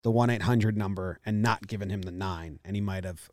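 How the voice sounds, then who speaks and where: A man's voice: on the low side, a little fast, darkish tone, no echo. A man co-hosting a casual sports podcast, dry and sarcastic, repeating jokes and doing ad reads. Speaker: podcast co-host.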